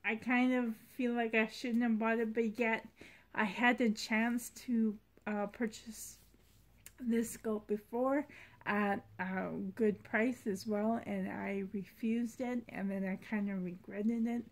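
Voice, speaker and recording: A woman's voice: fairly high pitch, fairly even intonation, slow pace. A woman vlogging about her doll collection in a rambling, heartfelt way. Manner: rambling, heartfelt, soft-spoken. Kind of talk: casual vlog chat.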